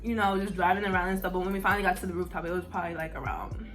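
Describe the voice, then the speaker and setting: A woman's voice: on the low side, racing, over music. A young woman telling a story in a casual, blunt way, full of "like" and swearing. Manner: animated, heavy use of "like", blunt and profane. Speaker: vlogger.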